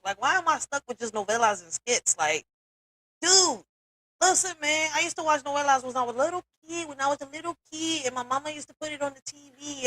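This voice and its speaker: A woman with a high, bright voice chats candidly as a livestream host. She swears and laughs freely, and her voice sounds close and dry. She talks straight into a computer mic at her desk. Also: no room sound, poor audio. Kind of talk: casual livestream commentary.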